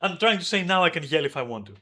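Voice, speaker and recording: Male streamer, high bright voice, angry profane venting. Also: very animated, fast. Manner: heated, profane, yelling at times. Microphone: desk microphone.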